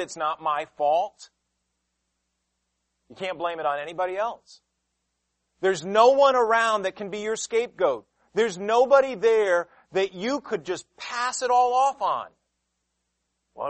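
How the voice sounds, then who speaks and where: A man preaching a sermon with passion, swinging between loud emphatic lines and hushed ones. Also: fairly high pitch, no room sound, rough recording. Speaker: pastor.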